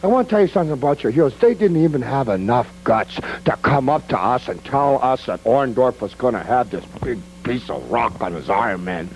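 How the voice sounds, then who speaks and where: A man cutting a mocking wrestling promo, taunting his rivals, shouting and laughing as he goes. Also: breathy edge, rough recording. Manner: laughs and shouts between lines; sudden jumps and drops in pitch.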